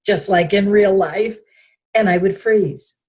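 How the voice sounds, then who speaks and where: A woman's voice: mid-range voice, slow pace, a little mellow. A woman guest in a conversational interview, reflective and hesitant, with frequent fillers.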